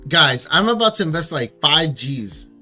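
A leatherworker with a sharp, bright, fairly high voice jokes with his co-host. He speaks straight to viewers at times. Soft music sits under the talk. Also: big pitch swings, moderate pace. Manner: joking, talks to viewers directly. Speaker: leather craftsman, show co-host. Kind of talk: casual chat.

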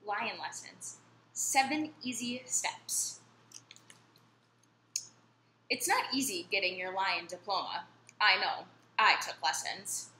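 Bright-voiced woman reading a kids' story. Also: medium pitch, a little slow. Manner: friendly, lively storyteller addressing kids. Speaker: children's story reader. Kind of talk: storytime read-aloud. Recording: echoey room, faint noise.

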